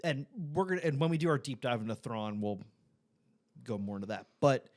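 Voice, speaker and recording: Relaxed chuckling male podcaster. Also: mid-range voice, a little fast. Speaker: podcast co-host. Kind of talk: casual recap chat.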